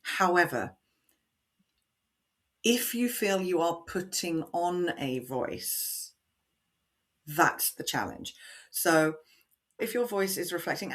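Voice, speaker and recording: A woman voice coach answering podcast interview questions in an expressive, animated way, acting out the lines she quotes. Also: lowish voice, slow pace, long pauses.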